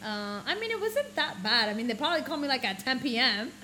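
A woman in casual podcast chat, tossing in dry jokes while she tells her own stories. Her voice sits a little high. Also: big pitch swings, fast talker, bright, forceful tone, slight background noise, low-quality recording. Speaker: podcast co-host.

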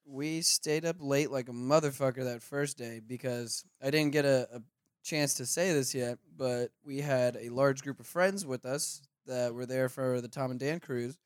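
A podcast co-host tells stories in a laid-back, profane, casual chat. His mid-range voice is clear and resonant, with fairly even intonation and a normal speed. The studio recording is clean, with no room sound.

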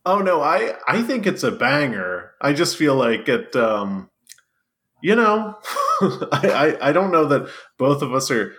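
Male podcast co-host, lively and animated, playful comic banter. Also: on the high side, unhurried. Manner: playful, lively, laughs between phrases. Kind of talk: casual comedic chat.

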